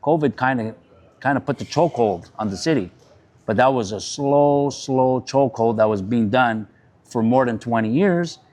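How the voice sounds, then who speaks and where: A man speaking calmly and in a measured way as a candidate guest, using folksy comparisons. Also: mid-range voice. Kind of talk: casual interview chat.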